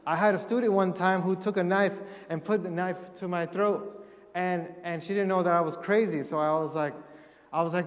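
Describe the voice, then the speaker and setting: A man's voice: high-pitched, fairly even intonation, brisk, long reverb tail. A young man giving a humorous missionary testimony to a congregation, acting out what people said. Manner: humorous storytelling, acting out quotes. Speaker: missionary speaker. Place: church sanctuary.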